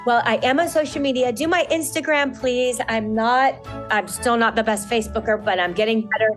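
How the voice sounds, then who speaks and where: A woman who works as a wedding coordinator, answering interview questions and telling stories with lively acted-out quotes. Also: a little high, a little fast, soft background music, rough recording. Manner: animated storyteller, acts out quotes.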